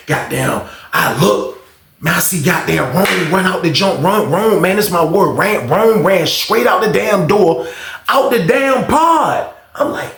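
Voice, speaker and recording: A man telling a casual storytime vlog, profane and animated, acting out noises and other people's voices. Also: high voice, gravelly. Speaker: storyteller recounting prison life. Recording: echoey room.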